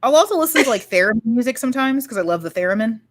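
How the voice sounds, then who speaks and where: A woman co-hosting a casual podcast chat, frank and wry, speaking quickly and swearing casually. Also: on the high side, expressive, dry recording. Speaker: co-host.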